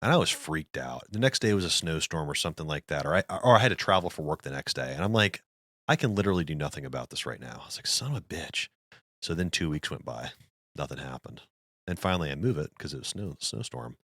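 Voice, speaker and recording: A man's voice: extremely low pitch, lively intonation, fast, a bit bright, dry recording, clean studio sound. A man guesting on a podcast, telling a story in a blunt, rambling way and swearing freely. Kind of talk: casual storytelling chat.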